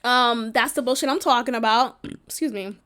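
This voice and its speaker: A woman with a high, bright voice talks straight into the mic as a podcast host. Her delivery is blunt and profane, and she laughs through her own stories. It sounds like a casual, unscripted rant. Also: normal speed. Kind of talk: casual venting monologue.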